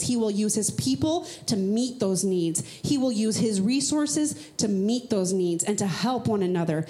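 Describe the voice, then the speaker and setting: A woman pastor gives a sermon in a casual, talky way. She leans hard on emphatic phrases and leaps into high, playful rhetorical questions. Her everyday speaking voice sits in a middle pitch. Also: dark tone. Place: church.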